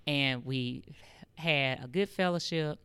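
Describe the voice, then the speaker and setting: A woman's voice: rumbling low, slow, fairly bright tone, clean tone, no echo. A woman telling stories as an interview guest, acting out the voices of the people she quotes. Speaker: public health worker and guest. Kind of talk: storytelling in an interview.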